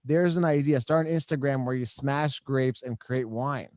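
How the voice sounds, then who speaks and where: A man's voice: medium pitch, normal speed, darkish tone, no echo, clean studio sound. A man hosting a podcast, talking casually and joking, with lots of "like" and "right?". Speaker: podcast host. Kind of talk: casual interview chat. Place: home podcast studio.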